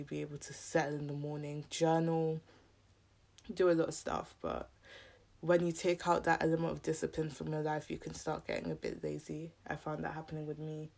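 A woman's voice: low voice, vocal fry, a little mellow. Young woman with a scratchy sore throat. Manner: chatty, candid and rambling. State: a bit out of breath. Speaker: podcast host. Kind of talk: casual solo podcast chat.

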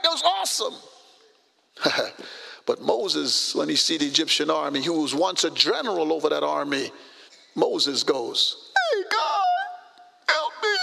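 A male pastor preaching a sermon in an animated, conversational way with vivid everyday scenarios, in a church sanctuary. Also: high voice, vocal fry, in a large hall.

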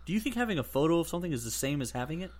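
A man co-hosting a podcast, teasing the others with deadpan jokes in casual chat. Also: fairly high pitch, very fast. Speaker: podcast co-host.

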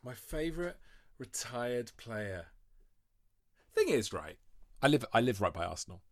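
A man in his forties from Wales, a podcast guest telling long rambling stories with quick asides in casual chat. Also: medium pitch, very animated, dry recording, clean studio sound. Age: 40s.

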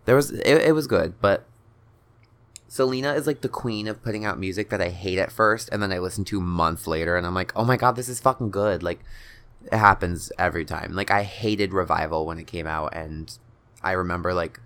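A young man hosts his own podcast, casually telling a story close to the mic in a deep, smooth, slightly bright voice at a moderate pace. He's chatty, swears often, leans heavily on "like," and laughs between phrases.

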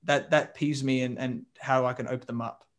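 A man in a casual interview, answering with many pauses and restarts. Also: mid-range voice, steady tone. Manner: hesitant, many ums and restarts. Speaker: guest, coach and mentor.

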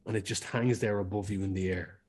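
A man's voice: fairly low pitch, fairly even intonation, fairly quick, darkish tone, slightly rough. A man narrating as game master in a casual way, with restarts and the odd swear word.

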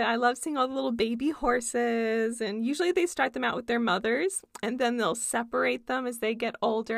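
Young woman vlogger, high voice with a gravelly edge, gushing and chatty. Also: dry recording, studio quality. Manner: gushing, enthusiastic. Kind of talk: casual chat.

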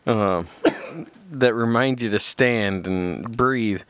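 A man's voice: on the low side, drawn-out words, a bit bright, clear, resonant tone, dry recording. A man co-hosting a podcast in casual chat, throwing in dry, teasing jokes. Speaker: podcast co-host.

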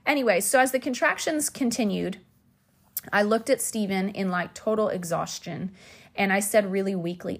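A woman hosting a podcast, telling a personal story in a candid, chatty way with asides, and acting out quoted lines with sudden high shouts. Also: moderate pace. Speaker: podcast host.

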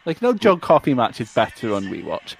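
A man co-hosting a casual wrestling watchalong podcast, excitable and quick with sweary asides. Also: medium pitch, creaky, rough recording. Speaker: podcast co-host.

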